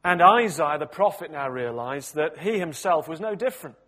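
Male preacher, slightly higher voice, expressive storyteller with dramatic loud and soft swings. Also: normal speed. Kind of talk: sermon.

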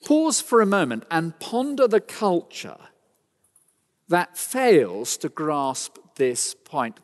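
Man preaching in a reverberant hall. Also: sits high. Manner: emphatic, rhetorical, dramatic pauses. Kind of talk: sermon.

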